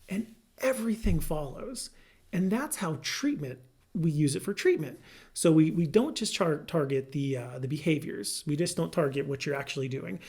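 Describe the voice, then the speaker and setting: A man, a licensed marriage and family therapist, explaining a therapy method to viewers in a lively, good-humored way. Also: on the high side, creaky. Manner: lively, good-humored, laughs through personal example. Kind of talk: educational explainer to camera.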